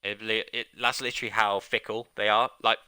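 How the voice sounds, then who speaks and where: A male game streamer with a very bright, pointed voice pitched on the low side. He rambles casually and gives his opinions, dotting his talk with fillers. The sound is close and dry. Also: little pitch movement, brisk, smooth, no echo.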